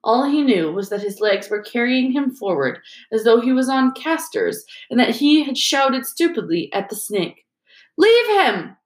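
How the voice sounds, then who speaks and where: A woman's voice: fairly high pitch, lively intonation, normal speed, few pauses. Woman reading an audiobook in a roomy space. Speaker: audiobook narrator. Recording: roomy echo.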